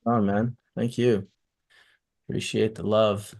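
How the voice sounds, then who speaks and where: A man's voice: lowish voice, level tone, slow, creaky, a little mellow. A man hosting a casual livestream, laid-back and slangy as he greets people joining. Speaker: livestream host. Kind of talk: casual stream chat.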